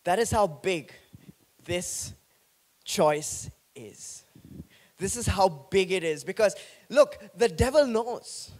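High-voiced man preaching a sermon. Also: slow pace, pauses often. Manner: animated, joking with the congregation. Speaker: pastor.

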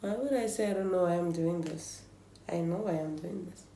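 A woman's voice: fairly low pitch, normal speed, mellow. A young woman from South Africa, chatting casually and nervously to camera in a home vlog, thinking aloud as she goes. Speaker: beauty vlogger. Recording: echoey room.

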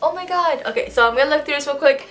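Higher-voiced girl gushing over her unboxing, kinda far from the mic, quiet music in the back. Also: very fast. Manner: gushing, excitable, swears casually. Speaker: vlogger unboxing fan merch. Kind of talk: casual unboxing chat. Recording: voice a bit off-mic, soft music behind.

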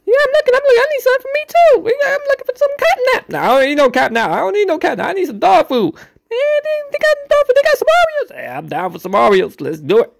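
A woman's voice: extremely high pitch, huge pitch swings, fast, creaky, dry recording, clean studio sound, exaggerated voice. A woman voicing a greedy, scheming cat who hunts for snacks and chatters eagerly.

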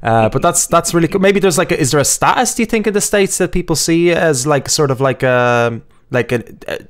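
A man's voice: on the high side, animated, a little fast. A man hosting an online talk show, asking a guest easygoing questions and backing him up with short replies. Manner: easygoing questions with many backchannels. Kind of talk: casual interview chat.

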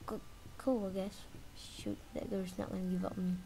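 A woman giving lively commentary while playing a video game, taunting the chaser and yelping when it gets close. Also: mid-range voice, normal speed, slight background noise. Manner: animated, talks trash to the game's chaser, sudden yelps and shrieks. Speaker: gaming video creator. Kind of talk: live gameplay commentary.

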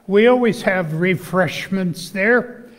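A male pastor who is losing his voice, giving church announcements and reading scripture in a slow, measured way with fillers. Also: high-pitched, a bit bright, big-room sound. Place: church sanctuary.

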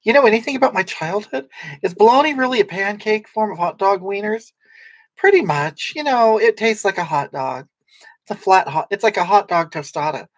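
A woman performs a brash, boozy livestreamer who rambles through viewer comments and snaps back with sarcasm. Her mid-pitched voice sounds dry and close to the mic. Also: expressive, normal speed, no echo, close to an everyday voice. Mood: snarky. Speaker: livestream comedy character. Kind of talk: improvised comedic livestream chat.

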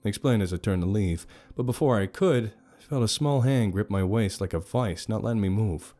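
A man's voice: fairly low pitch, a little fast, hardly any pauses, warm tone, soft background music. Man narrating a horror story.

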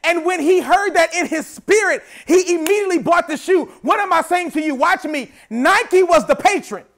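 A young man preaching a sermon, telling a story and repeating phrases as he builds to shouting. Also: extremely high pitch, fairly quick. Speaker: pastor.

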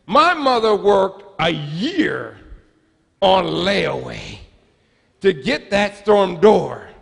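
A man's voice: high-pitched, very animated, very slow, gravelly, slightly rough, big-room sound. A man in his forties, a pastor giving a sermon in a chatty, humorous storytelling manner, recorded in a church sanctuary.

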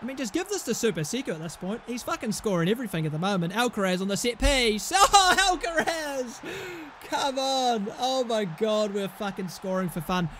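Excitable high-voiced young man. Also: a little fast, hardly any pauses, slight background noise. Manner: excitable, swearing, commentating on his own match. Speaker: gaming YouTuber. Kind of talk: live game commentary.

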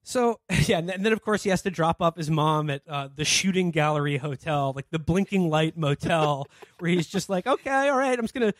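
A man's voice: fairly high pitch, normal speed, few pauses, dry recording. Man, podcast co-host, casual comedic chat, profane, dry close sound. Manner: profane, laughing, acts out quoted characters.

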